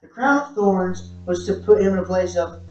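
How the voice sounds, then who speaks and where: A man's voice: sits high, lively intonation, normal speed, darkish tone. A male pastor preaching a conversational sermon to a small church audience, often checking in with "right?" and asking rhetorical questions. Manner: casual, repeats "right?", asks rhetorical questions. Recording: roomy, distant, dull-sounding church recording.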